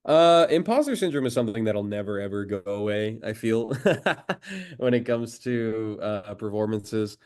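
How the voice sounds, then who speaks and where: A man with a somewhat deep voice talks easily in an interview. He sounds eager and admiring, a voice actor from the United States sharing his enthusiasm. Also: sing-song, measured pace, a little mellow. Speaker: voice actor guest. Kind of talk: casual interview chat.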